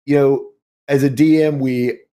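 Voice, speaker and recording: A man player speaking in a measured, thoughtful way over a video call. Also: medium pitch, steady tone, dark tone. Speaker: tabletop player. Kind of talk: casual chat.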